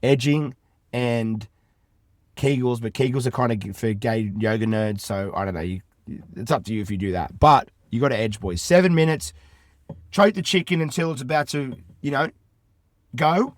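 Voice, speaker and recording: A man's voice: mid-range voice, animated, a little fast, no room sound, studio quality. A man with an Australian accent hosting a podcast from inside a van, brash and crude, talking casual banter and constantly calling his listeners boys. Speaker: podcast host.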